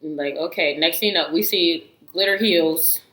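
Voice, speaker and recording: A woman chatting to camera with a bright, forceful voice. She speaks in loose, slangy, outspoken bursts and laughs often. The sound is roomy and echoing. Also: lowish voice, moderate pace. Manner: slangy, animated storytelling with frequent laughs; candid and outspoken, often swears. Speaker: reality TV reviewer. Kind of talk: casual chat.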